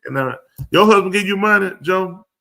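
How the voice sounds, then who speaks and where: A man's voice: high-pitched, expressive, moderate pace, vocal fry, bright, forceful tone. A man hosting a live comedy show, riffing loosely and acting out both sides of a conversation in slang for the audience. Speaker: comedic talk show host.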